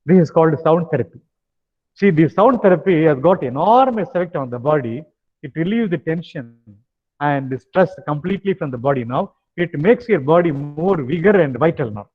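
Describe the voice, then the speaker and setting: An older man with a Tamil accent leading a stress management lecture, tagging phrases with "now" and pausing on hesitant fillers. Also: fairly high pitch, lively intonation. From India. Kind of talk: lecture with guided exercises. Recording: dull sound with long hall reverb.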